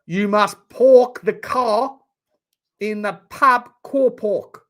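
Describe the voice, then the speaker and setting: A man's voice: sits high, drawn-out words, fairly bright tone, voice pushed up, full character voice. A man voicing a jovial South African man with a clumsy, exaggerated put-on South African accent. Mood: jokey.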